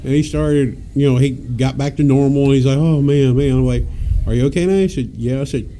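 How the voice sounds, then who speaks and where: A man's voice: mid-range voice, a little fast, dark tone. A man, a podcast co-host telling rowdy stories with lots of laughter and cursing. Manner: rowdy, laughing, profane storyteller. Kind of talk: casual storytelling chat.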